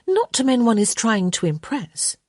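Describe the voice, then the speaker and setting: A woman voicing a bright, teasing young lady. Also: a little high, very animated, moderate pace, dry recording, clean studio sound, voice pushed up. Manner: frank and teasing. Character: bold, curious young society lady, quick-witted.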